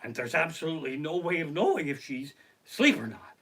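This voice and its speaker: A middle-aged man, a comedian telling profane, animated stories during a live stream from his living room. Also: a little high, brisk, slightly rough. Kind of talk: live-streamed comic storytelling. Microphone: basic home streaming setup.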